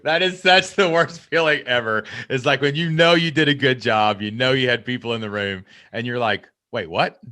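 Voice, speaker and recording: A man hosting a podcast interview, chatting casually and excitably, rambling with lots of fillers. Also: medium pitch, normal speed, few pauses, no echo. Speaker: podcast host.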